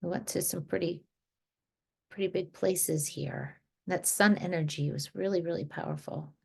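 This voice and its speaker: A woman from New Jersey leading an energy healing group over a video call, talking in a relaxed, rambling way with many restarts. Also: lowish voice, moderate pace, gravelly, slightly rough. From New Jersey, USA. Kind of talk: casual guided group talk.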